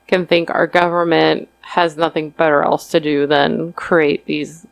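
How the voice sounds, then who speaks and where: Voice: mid-range voice, level tone, a little slow, creaky. A podcast co-host in casual chat, who laughs often and answers in short agreeing replies.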